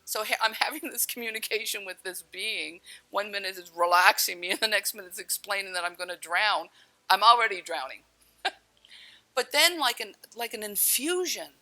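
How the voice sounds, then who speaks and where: Telling the story of nearly dying, this woman uses a medium-pitched, sharp voice. She's frank and blunt, cursing occasionally and chuckling at herself, over rough-sounding audio.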